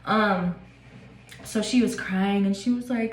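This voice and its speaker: A woman's voice: mid-range voice, slow, long pauses. A woman in her twenties telling a personal story in a casual, chatty vlog, with lots of "like" and fillers. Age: 20s. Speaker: vlogger. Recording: echoey room.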